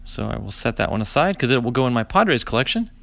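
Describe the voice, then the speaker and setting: A man in his forties, hosting a live card-opening stream, chatty and animated, telling stories with dry sarcasm and greeting viewers. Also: medium pitch, fast, creaky. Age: 40s. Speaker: host opening card packs.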